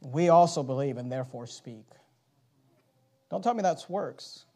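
Fiery high-voiced male preacher. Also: expressive, measured pace, very noisy. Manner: swings from loud emphatic preaching to low urgent asides. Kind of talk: fiery sermon with scripture reading.

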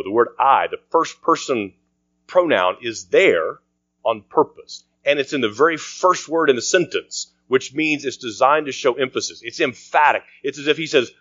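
A man's voice: mid-range voice, no room sound. Earnest man preaching, dry dull sound. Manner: earnest preaching, dropping to quiet for emphasis. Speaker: pastor. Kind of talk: sermon.

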